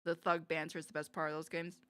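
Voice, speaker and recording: Bright excitable woman streamer. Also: on the low side. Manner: excitable, giggly, exclaiming. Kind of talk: live reaction commentary.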